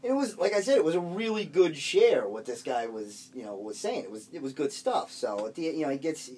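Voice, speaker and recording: A man's voice: on the high side, sing-song, a little fast, a little mellow, recorded from a distance, slight background noise. Rambling man telling a comic story. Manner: rambling, full of fillers and cursing.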